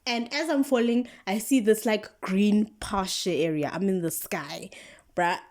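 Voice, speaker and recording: A young woman with a South African accent tells a story as if chatting with friends. Her voice is mellow and low in brightness, and her slangy delivery is animated and packed with casual fillers. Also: unhurried. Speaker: vlogger.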